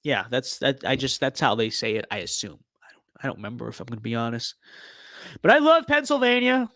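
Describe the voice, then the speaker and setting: A man's voice: mid-range voice, steady tone, fast, creaky, sharp tone, dry recording, studio quality. A young man giving casual gameplay commentary on a stream, full of ironic mock-political bluster and repeated catchphrases.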